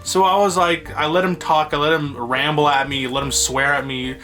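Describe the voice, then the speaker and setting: Bright-voiced man rambling to his phone. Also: a little high, level tone, moderate pace, soft background music. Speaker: video blogger. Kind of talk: casual storytelling to camera. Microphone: phone held by himself.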